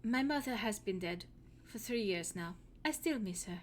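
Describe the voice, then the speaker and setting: A woman's voice: mid-range voice, animated, moderate pace, a little hiss or hum, lightly acted. A woman voicing a polite, wistful young farm girl, trying a German-style accent with stiff, formal phrasing. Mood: earnest. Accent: attempted German-style accent.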